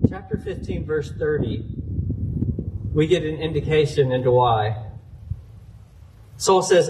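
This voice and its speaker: A male pastor works through a scripture story in an earnest sermon, citing chapter and verse along the way. His voice sits a little high and comes from a distance, with faint room ambience behind it. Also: huge pitch swings, unhurried, gravelly, pauses often, a little mellow, slight background noise.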